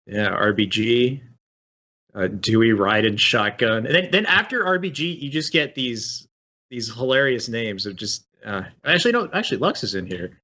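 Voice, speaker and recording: A man hosts a casual gaming news segment in a loose, laid-back way, often pausing on fillers and restarting his sentences. His voice is bright and forward in the middle range, and the stream audio is dull and lo-fi. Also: mid-range voice, lively intonation. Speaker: show host. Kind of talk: casual esports news chat. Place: home setup on a voice call.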